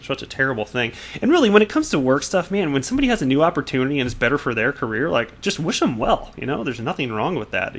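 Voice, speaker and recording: A man's voice: medium pitch, vocal fry, fairly bright tone. A man hosting a crypto news channel, giving casual commentary on news pieces and tweets with frequent chuckles, amused asides and self-corrections.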